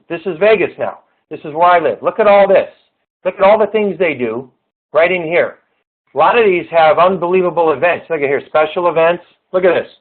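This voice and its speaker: A man with a fairly high voice coaches viewers in network marketing, urging them over and over to think big and get going. He walks through a screen-share tutorial in a pep-talk style. The sound is thin and tinny, like it came over a phone line.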